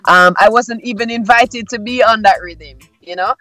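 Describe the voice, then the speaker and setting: A woman, a musician guest on a radio interview, talking calmly and reflectively with many "you know"s. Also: on the high side, normal speed, faint music behind.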